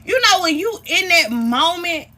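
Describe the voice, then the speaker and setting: A woman's voice: extremely high pitch, a little slow. A young woman vlogger telling a personal story in a casual, profane rant that speaks straight to her viewers. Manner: animated, profane, addresses viewers directly.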